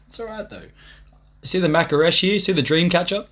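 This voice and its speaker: A young man holds forth on a livestream in a loose, profane ramble. His voice sits slightly high for a man, and he swaggers through it, laughing at his own jokes. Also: fairly quick, fairly bright tone.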